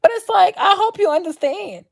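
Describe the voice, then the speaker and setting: A woman's voice: extremely high pitch, lively intonation, moderate pace, gravelly, darkish tone. A woman hosting her own vlog, ranting off the cuff in a blunt, profane, slangy way and repeating her points for emphasis. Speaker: vlog host. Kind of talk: unscripted commentary rant.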